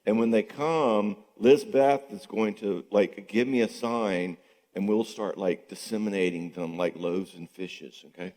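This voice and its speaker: A low-voiced man gives a casual, conversational talk to a church audience and keeps checking in with quick "okay?"s. His voice carries a long, ringing reverb from the big hall. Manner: acts out quoted people in lively voices. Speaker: marriage conference speaker and counselor. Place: church sanctuary before an audience.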